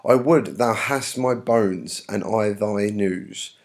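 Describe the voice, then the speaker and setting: A man's voice: on the low side, takes it slowly, a little mellow. Juliet, read aloud by a man as an eager young girl. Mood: pleading. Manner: pleading, insistent reading of verse. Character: impatient young girl in love.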